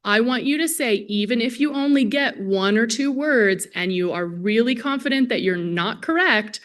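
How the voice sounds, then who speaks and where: A woman's voice: on the high side, moderate pace, fairly bright tone. A woman speech-language pathologist giving a conversational conference lecture to a live audience, talking to them directly. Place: lecture hall at a symposium.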